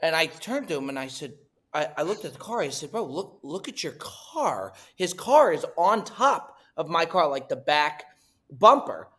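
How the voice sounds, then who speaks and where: A young man hosting a casual podcast, telling a wild story in an animated way, with swearing and restarts. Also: fairly high pitch, normal speed.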